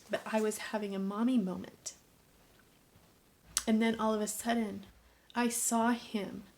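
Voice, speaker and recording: A woman's voice: medium pitch, darkish tone. A middle-aged woman talking straight to camera about her family, earnest and preachy, often dropping into a whisper for emphasis. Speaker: vlogger, mother. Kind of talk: emotional personal vlog monologue.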